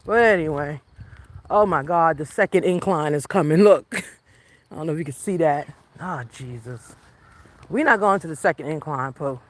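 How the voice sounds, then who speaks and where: A woman vlogging casually while walking outdoors, chatty and quick to laugh, talking to her dog along the way. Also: lowish voice, dry recording. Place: outdoors on a residential street.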